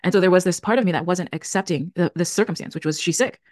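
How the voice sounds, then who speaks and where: A woman's voice: lowish voice, fast talker, no room sound, clean studio sound. A woman in her thirties hosting a solo podcast, speaking in an earnest, reflective way and often correcting herself mid-sentence. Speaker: podcast host. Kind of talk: solo podcast talk on emotions.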